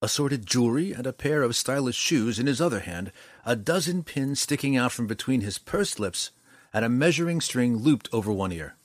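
A man narrating a fantasy story in an expressive storytelling manner. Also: medium pitch, moderate pace, no echo, clean studio sound. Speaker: audiobook narrator.

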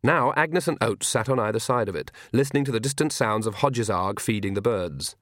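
A man's voice: on the low side, brisk, fairly bright tone, dry recording. Man reading a story, dry close sound. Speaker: narrator. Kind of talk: scripted audiobook narration.

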